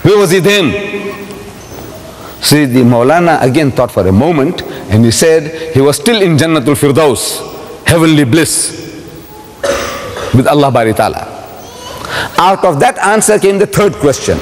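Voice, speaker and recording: A man's voice: a little high, lively intonation, a little slow, pauses often, slight background noise. An older man from South Africa giving a public religious lecture, telling stories animatedly, acting out dialogue and repeating lines for emphasis. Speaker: Islamic lecturer. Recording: reverberant lecture hall recording.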